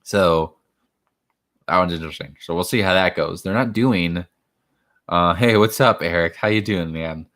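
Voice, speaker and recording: Chatty young man, lowish voice. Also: normal speed, long pauses, fairly bright tone. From Miami, Florida. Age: 20s. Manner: rambling, chatty, greets viewers by name. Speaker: host of a livestream. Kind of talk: casual livestream chat, reading viewer questions. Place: at home.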